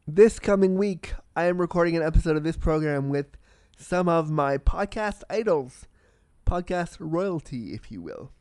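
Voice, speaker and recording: A man hosting a solo podcast in a casual, candid and excitable way, swearing freely and talking with a slight cold. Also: sits high, clear, resonant tone, no echo, clean studio sound. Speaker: podcast host.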